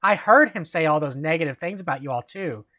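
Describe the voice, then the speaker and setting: A smug young man insists he saw everything with his own eyes, as read aloud by a man. The pitch moves in a lively way, and the reading stays casual. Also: fairly quick.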